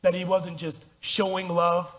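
A man's voice: sits high, level tone, unhurried, a bit bright. A man pastor preaching a conversational, self-deprecating sermon and reading scripture aloud in a church. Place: church sanctuary.

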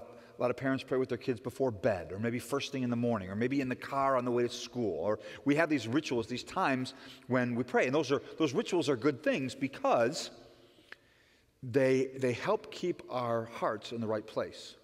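Middle-aged male pastor, mid-pitched voice, chatty sermon, long echo of a church sanctuary. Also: animated, moderate pace. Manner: conversational preaching with frequent "right?" asides; dynamic, swings between loud emphatic and soft quiet lines.

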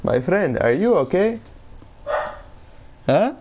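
A man's voice: sits high, big pitch swings, slow pace, noisy background, voice pushed up, heavily acted. A man putting on an Indian accent to play a pushy, needling adult man who keeps calling people his friend. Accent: put-on Indian. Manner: repetitive, insistent questioning.

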